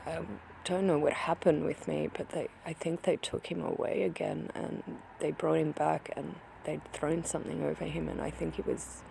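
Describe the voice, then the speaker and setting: A vlogger recounting a personal account, upset and grieving, halting with many restarts and sometimes dropping to a whisper. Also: mid-range voice, flat delivery, creaky, mellow, slight background noise.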